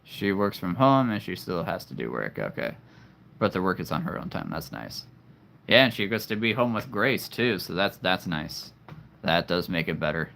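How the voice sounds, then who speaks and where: A man hosting a casual livestream, chatting with viewers, laughing often and jumping up in pitch when excited. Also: normal speed, creaky, a little hiss or hum. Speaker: livestream host. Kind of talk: casual livestream chat reading comments.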